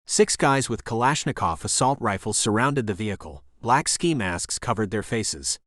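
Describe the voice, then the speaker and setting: A man reading a thriller audiobook as narrator, in a steady storytelling voice. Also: lowish voice, moderate pace, hardly any pauses, dry recording, clean studio sound. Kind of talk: scripted narration.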